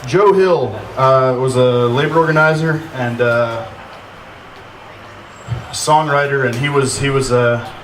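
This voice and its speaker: A man giving a halting, informal eulogy at an outdoor memorial, full of pauses and dry jokes. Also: mid-range voice, a bit bright. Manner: hesitant, many "uh" fillers, dry humor. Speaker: memorial speaker. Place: outdoor gazebo. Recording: echoey, distant, noisy.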